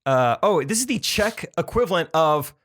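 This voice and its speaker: A young man co-hosts a podcast with a bouncy, animated voice that sits a little high. He reads out odd phrases and quizzes his partner in loose banter, often breaking into laughter. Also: normal speed, no echo. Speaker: podcast co-host. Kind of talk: casual comedic chat.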